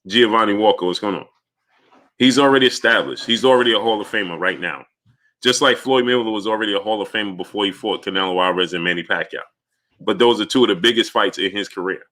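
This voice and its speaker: Heated bright-voiced male livestream host. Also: lowish voice. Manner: heated, argumentative, lecturing viewers; rapid greetings to chat names between rants. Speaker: livestream host answering chat. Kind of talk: live-stream commentary reading chat.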